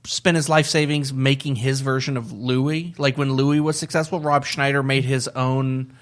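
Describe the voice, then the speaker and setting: A man's voice: mid-range voice, steady tone, moderate pace. A man joining a casual comedy podcast chat, making dry, ironic jokes.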